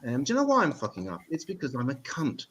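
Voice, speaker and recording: A man hosting an open mic night and doing a stand-up set at home, with deadpan, sweary, mock-serious asides. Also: mid-range voice, fast, breathy edge, muffled recording. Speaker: open mic host and comedian. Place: home in Italy.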